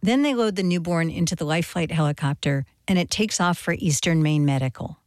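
A woman reporter narrating a documentary story in a measured, plain way. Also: fairly low pitch, no room sound. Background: soft guitar music.

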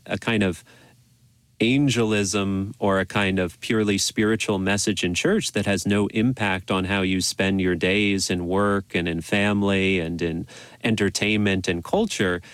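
Low-voiced priest explaining calmly. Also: male voice, no echo. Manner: thoughtful, measured explanations with small restarts. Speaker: priest and professor of bioethics. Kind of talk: radio interview.

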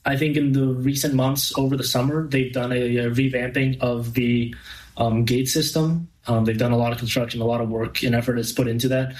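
A young man as a radio interview guest, speaking in a measured way with small hesitations. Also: mid-range voice, flat delivery, a little mellow, poor audio. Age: young adult.

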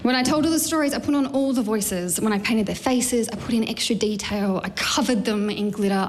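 A woman telling a lively, self-mocking personal story on stage. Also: mid-range voice, slight background noise.

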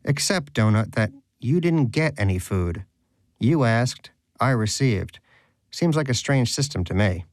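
A man's voice: mid-range voice, lively intonation, a little slow, no echo, close to an everyday voice. A man voicing a brash, sarcastic and greedy male pet rodent who mocks and rants theatrically. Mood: smug, mocking. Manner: mocking, theatrical, indignant.

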